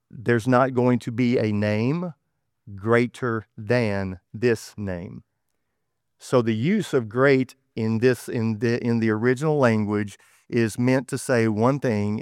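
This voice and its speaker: Folksy Texan preacher, smooth voice. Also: male voice, medium pitch, a little mellow, no room sound, clean studio sound. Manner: conversational, folksy, with self-corrections. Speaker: pastor. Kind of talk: sermon.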